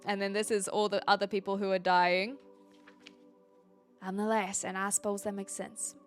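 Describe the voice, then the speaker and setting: A woman's voice: medium pitch, flat delivery, normal speed, faint music behind. An American woman streaming a game, chatting casually, laughing often and answering chat. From United States. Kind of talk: casual live game commentary.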